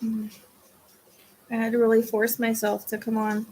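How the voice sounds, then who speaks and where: A woman's voice: on the high side, monotone, moderate pace, mellow, a little hiss or hum. A woman hosting a psychic livestream, chatting with her viewers in a casual way. She sounds tired and drained, and she rambles, restarts her sentences and trails off.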